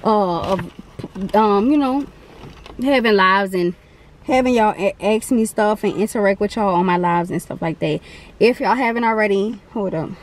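A woman's voice: mid-range voice, moderate pace. Young woman vlogger, chatty and slangy, faint hiss behind. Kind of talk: casual mukbang vlog chat.

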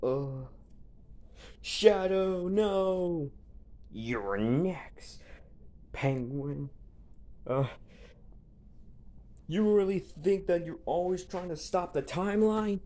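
An amateur performer voicing all the characters of a homemade fan drama, excitable and full of exclamations and hesitant fillers. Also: mid-range voice, extremely slow, pauses often.

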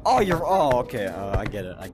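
A woman gamer in a headset giving excitable VR gameplay commentary, often shrieking when chased. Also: a bass voice, a little fast, crowd noise. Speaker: gaming channel host. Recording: loud game noise behind voice.

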